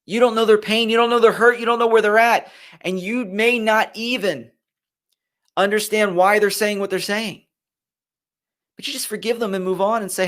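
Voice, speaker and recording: A man's voice: high voice, fairly even intonation, a little fast, a bit bright. A man hosting a motivational live stream, talking animatedly to viewers at his computer and repeating his key phrases.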